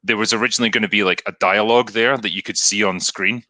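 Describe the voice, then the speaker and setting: A man's voice: on the low side, fairly even intonation, fast talker, pushed and bright, no room sound. A man with a Scottish accent hosting a casual film discussion, laughing often and acting out lines from the film. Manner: laughs often, acts out quotes. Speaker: podcast host.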